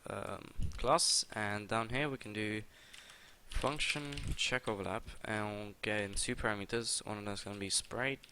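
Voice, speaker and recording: A man's voice: lowish voice, steady tone, normal speed, noisy background. A young man hosting a casual coding tutorial, talking his way through the steps with frequent uh and um fillers. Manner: casual, hesitant, with many uh and um fillers. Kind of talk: screen-recorded coding tutorial.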